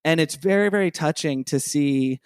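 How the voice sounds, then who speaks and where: A man's voice: on the high side, normal speed, clear, resonant tone, no echo, clean studio sound. A man co-hosting a podcast who talks in a rambling, enthusiastic way, full of "you know". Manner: rambling, enthusiastic, lots of fillers. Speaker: podcast co-host. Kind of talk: casual podcast chat.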